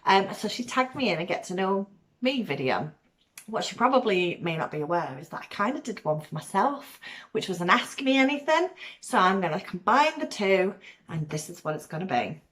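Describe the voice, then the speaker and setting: A woman from Manchester with a softened Mancunian accent, chatting casually to camera as a vlogger, rambling with ums and laughs. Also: mid-range voice, very animated, normal speed. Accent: weakened Mancunian, softened by years in Cornwall. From Manchester, England.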